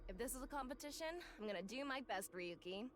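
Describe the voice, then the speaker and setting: A woman voicing an upbeat young investigator in a video game, in a bright, animated voice. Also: on the high side, fast talker, slight background noise, natural voice. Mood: eager. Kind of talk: game voice acting.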